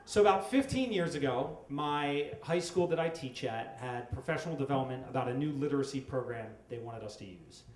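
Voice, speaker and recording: A middle-aged man telling a comic story on stage at a storytelling event, wry and with dramatic pauses. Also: medium pitch, animated. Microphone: stage microphone. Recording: echoey live room with faint noise.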